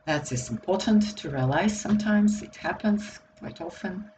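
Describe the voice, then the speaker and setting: A woman with a Slovak accent, a native Slovak speaker, teaching a slow and deliberate grammar lesson for beginners in English. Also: lowish voice, lively intonation, background noise. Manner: slow and deliberate, repeating words for learners. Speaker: language teacher.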